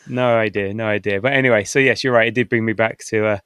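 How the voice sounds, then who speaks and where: A man's voice: lowish voice, steady tone, fast, a bit bright, smooth, no echo, clean studio sound. A middle-aged man hosting a casual football podcast, chatty and rambling, with frequent restarts and small laughs. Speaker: podcast host.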